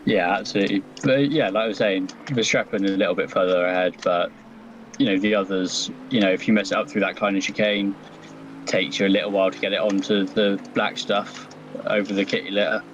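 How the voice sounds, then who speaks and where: A man's voice: lowish voice, steady tone, a little fast, muffled recording, noisy background. A man co-commentating a sim race in an easygoing way with many fillers. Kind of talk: live sim racing commentary.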